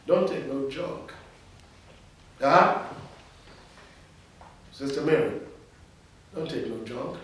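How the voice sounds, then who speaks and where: A man's voice: mid-range voice, expressive, slow pace, long pauses, a bit bright. A male pastor preaching a sermon, emphatic and leading his congregation in call-and-response. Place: church. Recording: echoey hall, mic from far off.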